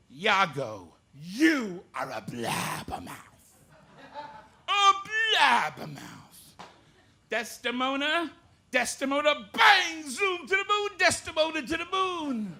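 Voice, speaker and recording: A man impersonating a famous blustering TV comedian declaiming Shakespeare in a bombastic, shouting manner, recorded live in a club. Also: extremely high pitch, huge pitch swings, extremely slow, gravelly, pauses often, voice pushed up, heavily acted. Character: blustering big-mouthed male TV comedian doing Shakespeare. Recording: live club with faint room noise.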